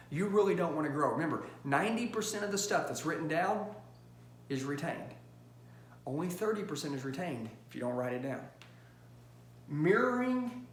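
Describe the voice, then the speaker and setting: A man giving an energetic sales training talk, punchy and emphatic, often checking in with "okay?". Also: fairly high pitch, reverberant, slight background noise.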